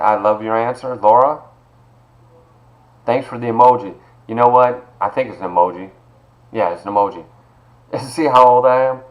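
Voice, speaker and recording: This is a middle-aged man teaching college online from his home via video call. The recording is low in quality and reverberant, carrying his medium-pitched voice as he encourages students personally and greets each by name.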